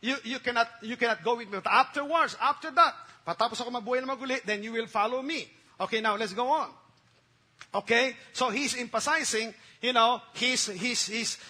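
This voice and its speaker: Male pastor, very high voice, sharp bright tone, emphatic sermon, asks "Amen?". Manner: emphatic preaching with sudden loud bursts and dropped near-whispers.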